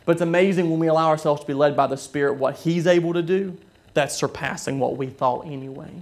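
A man preaching a sermon, telling a story with frequent halting restarts and repeated words. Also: a little high, steady tone, darkish tone. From southern United States.

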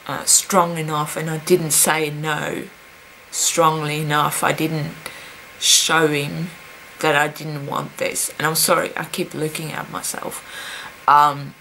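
A young woman speaking in a personal confessional vlog, hesitant and halting, with many pauses and fillers. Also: low-pitched, bright, forceful tone, a little hiss or hum, poor audio. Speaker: vlogger.

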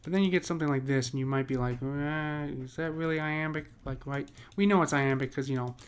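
A fast-talking man at medium pitch teaches poetry meter in a loose, rambling way. He often restarts his sentences and keeps tossing in "right?" to check understanding.

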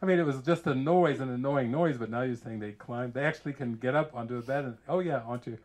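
An American man, a spiritual teacher, giving an informal retreat talk full of lively personal stories, laughing often and acting out what others said. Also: mid-range voice, fast talker. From United States. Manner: animated storyteller who laughs often and acts out quotes.

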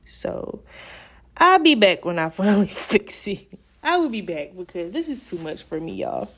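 A very animated young woman with a mid-range, somewhat bright, breathy voice talks viewers through a wig install at a home mirror, speaking at a normal speed. Her vlog style is chatty and exasperated, and she addresses her audience as "girl" and "y'all."

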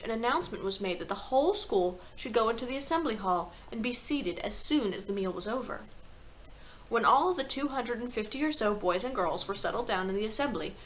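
A woman teacher reading a children's novel aloud to her class in an expressive storytelling manner. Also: medium pitch, a little hiss or hum, rough recording.

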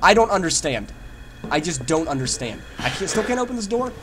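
A man narrating his horror game playthrough in a casual, joking ramble. His voice swings widely up and down and spikes into loud yelps when something scares him. The home recording has a clear hiss of noise behind it. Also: on the high side, big pitch swings, a little fast. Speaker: gamer playing a horror game. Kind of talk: let's play commentary.

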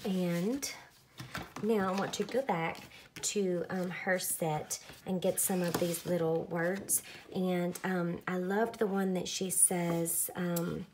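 Chatty young woman, lowish voice. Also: slow, noisy background. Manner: chatty, relaxed, lots of fillers. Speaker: craft vlogger. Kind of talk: casual narrated craft tutorial.

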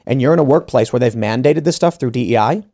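Gravelly male podcast host. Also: medium pitch, fast, mellow. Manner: argumentative, many restarts, acts out quoted people. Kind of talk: opinionated panel talk. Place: podcast studio.

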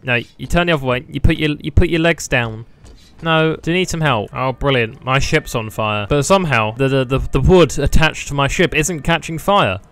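A man's voice: medium pitch, moderate pace, fairly bright tone, smooth. A man doing sarcastic comedic commentary while playing a video game, laughing often and mocking it. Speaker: gaming YouTuber. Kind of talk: comedic let's play commentary.

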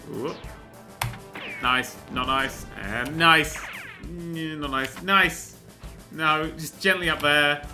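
A man giving rambling, excitable gameplay commentary and swearing often as he plays. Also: fairly high pitch. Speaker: let's play host.

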